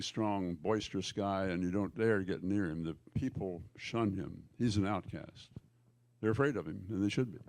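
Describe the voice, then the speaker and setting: A male pastor preaching a sermon in church, telling the stories emphatically with jokey asides and quick self-corrections. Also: on the low side, warm tone, no room sound.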